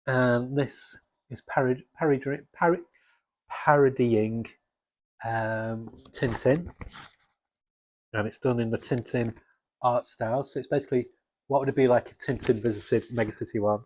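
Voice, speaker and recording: Husky, enthusiastic man, dry sound. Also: mid-range voice, fairly even intonation, unhurried, pauses often, a little mellow, no room sound. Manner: enthusiastic, rambling with restarts. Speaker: comics vlogger. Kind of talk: casual chat.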